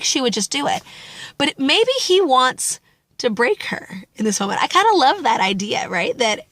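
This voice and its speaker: A woman gives a casual, chatty reflection on a gospel story, acting out the lines of the people in it. Her voice sits a little high. The sound is close and dry, with no room echo. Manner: animated, chatty, acts out quotes. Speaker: Catholic speaker.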